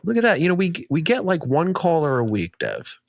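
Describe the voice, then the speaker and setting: A man's voice: on the high side, huge pitch swings, fairly quick, creaky, no room sound, faint music behind. A man co-hosting a movie podcast, chatting casually with a dry, mock-serious manner. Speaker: podcast co-host.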